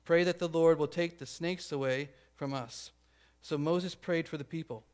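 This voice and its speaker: A pastor preaching a conversational sermon, checking in with the congregation and acting out the grumbling crowd. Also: male voice, a little high, steady tone, normal speed, darkish tone. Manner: acts out grumbling crowd voices.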